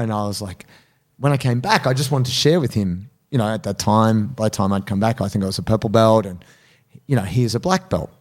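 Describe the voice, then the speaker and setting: A man co-hosting a podcast, telling a story in casual chat and acting out quotes in a higher voice. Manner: animated, acts out quotes in high voices. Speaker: podcast co-host.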